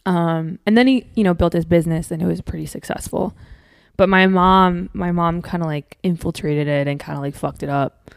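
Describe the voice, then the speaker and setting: A woman's voice: fairly low pitch, steady tone, moderate pace, gravelly, smooth, dry recording, studio quality. A young woman from Minnesota, a comedian guesting on a podcast, talking candidly and swearing freely. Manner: candid, swears freely, acts out quotes in a raised voice. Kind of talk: casual chat.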